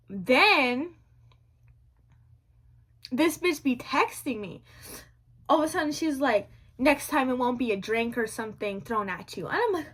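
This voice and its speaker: A young woman telling a story to her viewers in a casual vlog, animated and slangy, repeating lines for drama. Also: high-pitched, normal speed.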